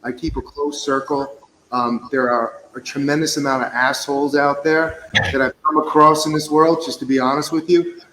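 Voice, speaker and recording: A man's voice: fairly high pitch, little pitch movement, normal speed, pushed and bright, a little hiss or hum. A man in casual chat, candid, plain-spoken and reflective. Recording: echoey room.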